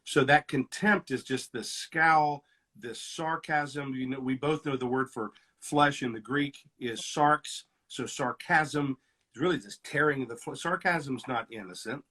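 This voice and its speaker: A middle-aged male counselor talks through relationship conflict, slipping into little performances of what people say to each other. His voice is husky and sits at an ordinary pitch for a man. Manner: animated, acts out quoted lines with shifts in loudness. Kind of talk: teaching conversation.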